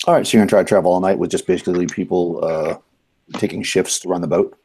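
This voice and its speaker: A man narrating as game master in a tabletop game, relaxed and rambling with many fillers. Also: sits low, fast talker, a little hiss or hum.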